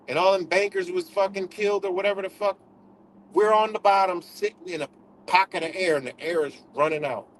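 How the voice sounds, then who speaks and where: A livestream host delivers a casual, profane rant, repeating himself for emphasis. His voice is high-pitched, and the poor audio carries a slight hiss or hum.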